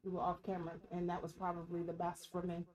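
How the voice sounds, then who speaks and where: A woman's voice: lowish voice, completely flat delivery, fast talker, darkish tone, rough recording. Chatty woman podcast co-host. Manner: chatty, advising. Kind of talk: casual podcast chat.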